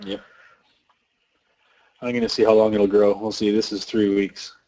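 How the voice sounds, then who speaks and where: A man's voice: lowish voice, level tone, normal speed, dark tone, dull audio. A young Canadian man hosting a casual livestream chat, laid-back and chatty, often trailing off. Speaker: host.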